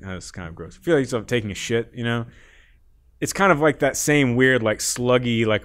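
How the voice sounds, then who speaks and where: A man as a podcast guest, telling a long story in a loose, animated way, laughing often and leaning on "like". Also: mid-range voice. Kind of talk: casual storytelling.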